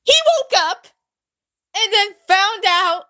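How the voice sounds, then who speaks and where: A young woman vlogger with a high voice tells a story at a measured pace, reading an old drawing. She's giggly and animated, chatting casually and laughing often.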